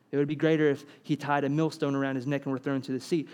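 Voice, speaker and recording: Animated high-voiced preacher. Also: male voice, quick pace. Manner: animated, acts out quoted dialogue, asks rhetorical questions. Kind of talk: sermon.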